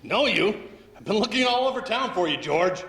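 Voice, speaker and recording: A man's voice: high voice, lively intonation, normal speed, fairly bright tone. A man playing a friendly, puzzled small-town cop in an amateur church stage play, with a folksy manner. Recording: echoey hall.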